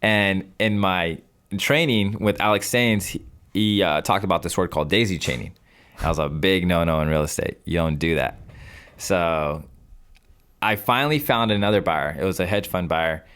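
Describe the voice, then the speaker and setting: A man in his twenties, a real estate investor appearing as a podcast guest, tells a story casually and acts out phone calls he once made. His voice is low-pitched, smooth and a bit bright, at a moderate pace.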